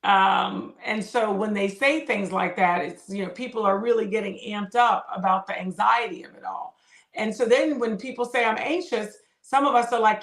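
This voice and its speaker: Woman host, mid pitch, gravelly, supportive listener, roomy echo on the recording. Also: normal speed, a bit bright. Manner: supportive, frequent short affirmations. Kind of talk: interview chat. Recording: echoey room.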